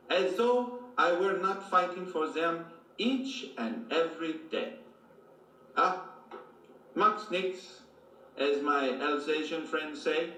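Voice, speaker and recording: A proud 1840s French colony founder, played by a man in a put-on French accent, declaiming slowly and formally about honor and duty. His voice sits a little high and unhurried. It comes from a video playing in a roomy hall, heard from a distance with faint room noise. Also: fairly bright tone. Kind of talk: filmed museum reenactment.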